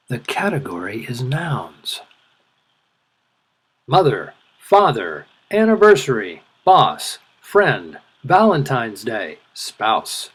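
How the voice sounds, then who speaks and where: Male ESL teacher, slightly high voice, very slow and over-articulated delivery. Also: a bit bright. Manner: over-articulated, stressing words clearly. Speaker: English teacher. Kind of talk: slow, deliberate ESL lesson.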